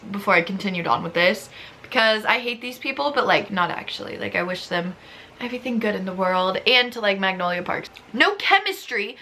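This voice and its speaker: A young woman vlogging casually about books, reading reviews aloud in an animated, exasperated way, often using "like". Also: medium pitch, a little hiss or hum. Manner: animated, exasperated, giggly, lots of "like". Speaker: book vlogger.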